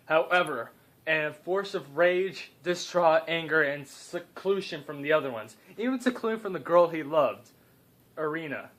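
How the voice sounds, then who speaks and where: A man's voice: on the high side, animated, normal speed, a bit bright. A young man improvising a comedic story, rambling and cutting in with joking asides.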